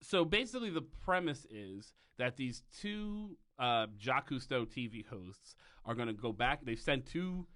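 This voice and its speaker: Bright-voiced joking podcast host man. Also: mid-range voice, sing-song, normal speed, few pauses. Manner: rambling, joking, lots of fillers and laughs. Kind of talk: casual comedic chat about a TV show. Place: live podcast recording before an audience.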